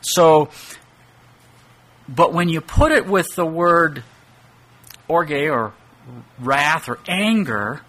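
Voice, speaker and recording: A man's voice: fairly high pitch, animated, very slow, pauses often, fairly bright tone. A middle-aged man giving an expository Bible teaching, thinking aloud and posing rhetorical questions.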